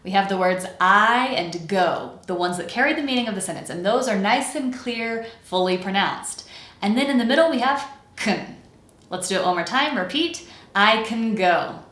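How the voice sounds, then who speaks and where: A woman with an American accent teaching a pronunciation lesson, speaking clearly and slowing down to model example words. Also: medium pitch, expressive, a bit bright, echoey room. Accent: General American.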